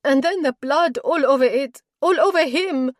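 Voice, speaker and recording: A woman's voice: lowish voice, expressive, takes it slowly, no echo, studio quality. A woman voicing a distraught young woman accused of murder, pleading in a raised, breathless way.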